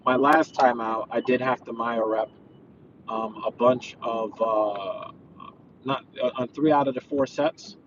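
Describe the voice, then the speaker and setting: A man's voice: medium pitch, steady tone, a little slow, dull audio, a little hiss or hum. A man who works as a personal trainer, chatting casually while he drives, earnest and rambling with lots of fillers. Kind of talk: casual driving vlog, talking while he drives. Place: inside a car.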